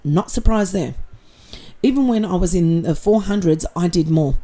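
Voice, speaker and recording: A woman's voice: fairly low pitch, moderate pace, dark tone. A woman hosting her channel, reading out viewer comments and answering them bluntly, with sarcasm and swearing. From Australia. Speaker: channel host reading chat.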